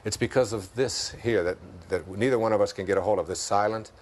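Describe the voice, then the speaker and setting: A man with a Detroit accent, a guest in an interview, speaking in an unhurried, musing way and chuckling at his own jokes. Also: lowish voice, a little mellow. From Detroit, United States. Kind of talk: reflective interview talk.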